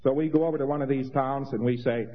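A man's voice: mid-range voice, steady tone, fast talker. Rambling man lecturing in a hall. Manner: rambling, conversational, mocking asides and chanted impressions. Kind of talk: informal lecture to an audience. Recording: dull lo-fi old recording in a reverberant hall.

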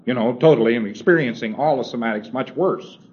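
A man's voice: mid-range voice, fairly quick, a little mellow. A man giving a recorded lecture in a conversational, wry way, acting out little exchanges and chuckling as he goes. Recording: dull lo-fi old tape with faint hiss.

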